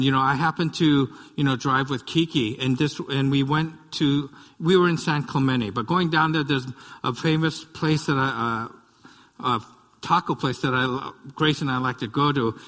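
A man's voice: mid-range voice, fairly bright tone. A man from the United States preaching a sermon in a loose, conversational way, telling stories with frequent asides. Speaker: pastor. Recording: reverberant hall.

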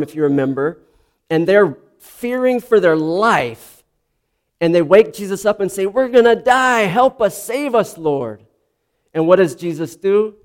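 Slow, earnest male preacher. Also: fairly high pitch. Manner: slow, earnest, with frequent restarts and ums. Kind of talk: sermon.

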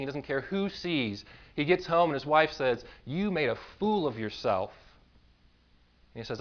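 Emphatic preaching man, dull recording. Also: medium pitch. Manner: emphatic, building lists to a peak, with self-deprecating humor. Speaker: pastor. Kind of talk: sermon.

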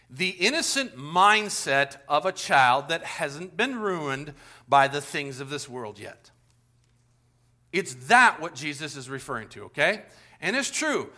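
Man pastor preaching, high voice, very bright tone, lively storytelling, talks straight to the congregation. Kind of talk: sermon.

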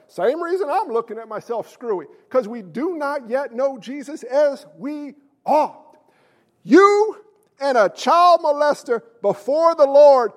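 A male pastor preaching an impassioned, blunt sermon in plain folksy talk, in a church sanctuary. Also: very high-pitched. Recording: long hall reverb.

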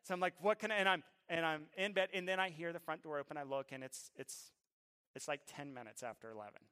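A middle-aged man preaching a sermon, moving between a hushed storytelling voice and loud, drawn-out emphatic preaching. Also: on the high side, fairly even intonation, smooth. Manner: drawn-out emphatic phrasing at peaks. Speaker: pastor.

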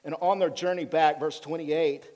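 Male pastor, slightly high voice, lively and chatty sermon delivery with big swings in volume. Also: moderate pace. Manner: animated, conversational, jumps between loud emphasis and quiet asides.

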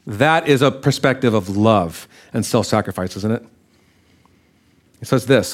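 A male preacher giving a sermon-style Bible teaching. His voice sits at an ordinary middle pitch. He keeps it conversational and often turns to ask his listeners questions. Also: lively intonation, normal speed.

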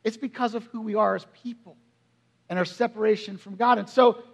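This forties-aged pastor speaks in a high, creaky, slightly rough voice with fairly flat intonation and a slightly fast pace. He preaches conversationally, regularly questioning the congregation, and goes quiet and hushed at emotional moments.

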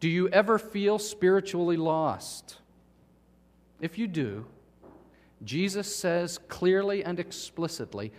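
A male pastor delivering a sermon with animated storytelling, speaking to the children and the congregation. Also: high voice, slow pace, in a large hall.

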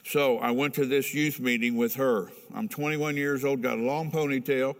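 A man's voice: medium pitch, steady tone, moderate pace. An older man from Ohio telling his personal testimony in a candid, earnest way, chuckling now and then. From Ohio, USA. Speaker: speaker giving a personal testimony. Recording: long hall reverb.

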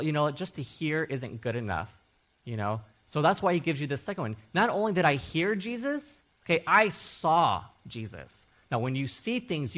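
A man preaching a sermon as a Bible teacher, emphatic and animated, repeating key words and often checking in with "okay?". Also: medium pitch.

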